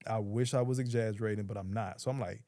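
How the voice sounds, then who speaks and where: A man's voice: lowish voice, fairly even intonation, fast, mellow, dry recording, clean studio sound. A man, a podcast guest telling a story in a casual, blunt, profane way and quoting others as he goes.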